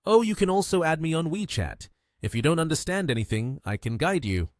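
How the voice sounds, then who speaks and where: A man's voice: on the high side, big pitch swings, fairly quick, no room sound, clean studio sound, voice pushed up. A man voicing a friendly young female receptionist. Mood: helpful. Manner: friendly, helpful.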